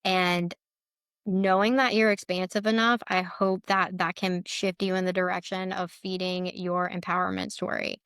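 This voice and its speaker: Earnest woman with a smooth voice. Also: fairly low pitch, level tone, normal speed, fairly bright tone, dry recording, clean studio sound. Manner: earnest, emotional, heavy use of "like". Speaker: guest, letter board practitioner. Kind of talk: casual interview conversation.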